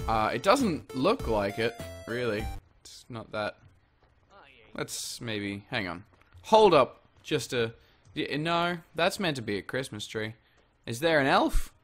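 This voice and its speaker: A man's voice: mid-range voice, sing-song, slow pace, a bit bright, soft background music. Swearing, rambling male gameplay commentator. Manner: rambling, jokey, heavy swearing. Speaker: gaming channel host. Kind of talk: let's play commentary.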